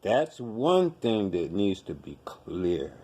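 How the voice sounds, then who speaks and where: A man's voice: fairly low pitch, very animated, slow, warm tone. A man hosting a podcast, ranting in blunt, profane commentary and hammering his points with repetition. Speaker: podcast host.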